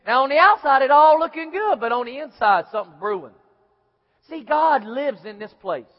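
High-voiced preacher in a reverberant hall. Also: male voice, animated, normal speed, lo-fi sound. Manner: dramatic, acts out voices, shouts at peaks. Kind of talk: sermon.

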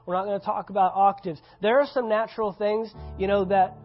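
A man's voice: sits high, level tone, fairly quick, faint music behind. Conversational, emphatic male pastor preaching. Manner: conversational, emphatic, repeats key phrases. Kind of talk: sermon. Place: church service. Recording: slightly dull lo-fi recording.

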